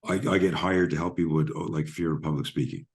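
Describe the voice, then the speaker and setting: Talking fast in a bass voice, this fifties-aged fear and self-defense coach recounts stories during a podcast interview. He's an animated narrator who performs both parts of the dialogues he describes.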